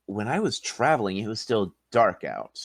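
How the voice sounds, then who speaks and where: A dazed young noble paladin-in-training, polite and formal, stumbling over his words in a tabletop game, as a man puts him on. The voice is low and very dry. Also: wildly swooping pitch, vocal fry, dry recording, exaggerated voice. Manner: halting, formal and courteous.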